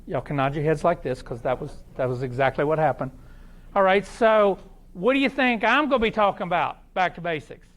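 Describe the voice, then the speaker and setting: A man with an Oklahoma accent gives a live seminar to a crowd, talking in a folksy, animated way and throwing questions at the room. His voice sits high for a man. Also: brisk. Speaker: seminar speaker.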